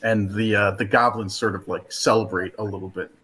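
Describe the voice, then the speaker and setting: Man as game master, low voice, husky, halting narration, many fillers. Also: fairly even intonation, sharp tone.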